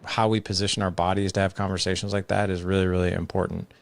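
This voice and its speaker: A man's voice: low-pitched, level tone, quick pace, creaky. A man, a father and podcast guest, talking earnestly in conversational examples with lots of casual fillers.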